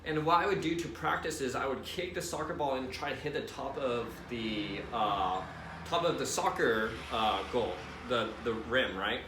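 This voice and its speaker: A young man casually telling a personal faith story to his viewers, animated and chatty, often checking in with "right?". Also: mid-range voice, normal speed, roomy sound, noisy background. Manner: casual and animated, addresses viewers directly with "right?" and "you guys". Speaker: Christian vlogger.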